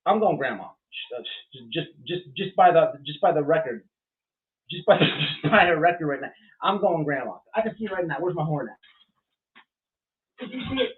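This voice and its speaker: A man's voice: on the high side, animated, moderate pace. A man hosting a casual livestream, rambling bluntly and with profanity as he reacts to chat, full of fillers and restarts. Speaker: livestream host. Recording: tinny phone-like sound.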